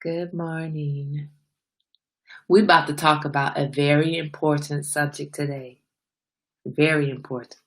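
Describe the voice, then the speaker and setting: A woman's voice: sits low, steady tone, unhurried, long pauses. A woman hosting a casual morning livestream, chatting and greeting viewers by name as she reads their comments. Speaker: livestream host.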